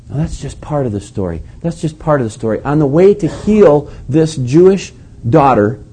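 A man's voice: medium pitch, dark tone, husky. A male pastor preaching a sermon in a storytelling way, acting out the quotes and chuckling often.

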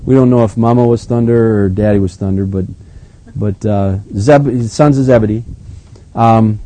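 A man acting as pastor, reading scripture aloud and then commenting on it in a relaxed, conversational way. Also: lowish voice, moderate pace, poor audio. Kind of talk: Bible reading with sermon commentary.

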